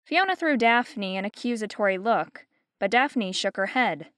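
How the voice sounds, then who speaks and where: A woman narrating an audiobook in an even, measured storytelling manner, close to a studio microphone. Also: mid-range voice, no echo. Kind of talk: scripted narration. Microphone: close studio mic.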